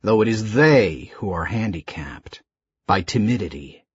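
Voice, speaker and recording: A man narrating an audiobook in a slow, measured, expressive reading. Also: fairly low pitch, breathy edge, no echo, highs cut off.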